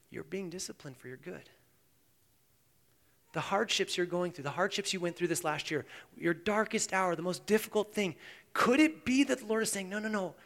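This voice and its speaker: A man preaching a sermon as pastor. He swings between hushed, intense passages and loud, animated emphasis. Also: high voice, creaky. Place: church sanctuary. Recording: long church reverb.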